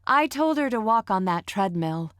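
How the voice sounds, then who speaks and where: A woman's voice: medium pitch, animated, moderate pace, a bit bright, dry recording, clean studio sound, pitched above the performer's own voice, close to an everyday voice. A woman voicing a worried, overprotective mother in an audiobook. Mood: fussing. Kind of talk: audiobook character voice.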